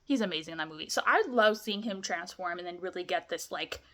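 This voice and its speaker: A woman's voice: lowish voice, fast, a bit bright. A young woman vlogging a film review, gushing in casual chat, full of "like" and "amazing".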